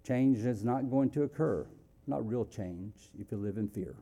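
A man preaching a sermon, moving between loud, emphatic calls and hushed, quiet passages. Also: fairly low pitch, unhurried. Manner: dynamic, swings from loud exclamations to hushed near-whispers.

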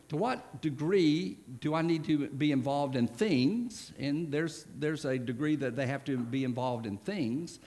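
A man's voice: on the high side, darkish tone. A man preaching a sermon in a church, talking in a conversational way and often restarting his phrases. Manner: conversational, with frequent restarts and asides.

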